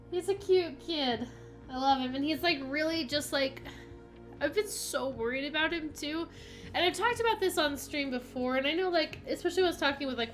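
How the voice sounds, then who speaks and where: Young female game streamer, high bright voice, rambly and giggly, faint music underneath. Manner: chatty and rambling, with frequent "like" fillers and giggles. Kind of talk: casual chat while playing a video game.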